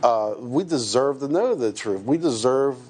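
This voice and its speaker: A man's voice: medium pitch, lively intonation, measured pace, darkish tone. A man from the United States, a truck driver, giving a hesitant personal account with many restarts and fillers.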